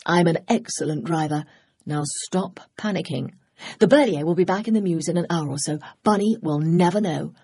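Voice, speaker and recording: Woman doing a cheeky young gentleman. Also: on the low side, moderate pace, slightly rough, dry recording. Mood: breezy coaxing.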